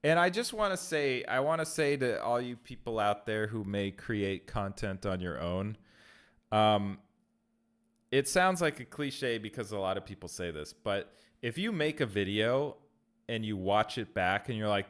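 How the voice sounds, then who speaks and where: In a smooth, fairly low voice, this man streams from home at an unhurried, expressive pace. He reads his chat out loud, responds to viewers, and laughs easily between phrases.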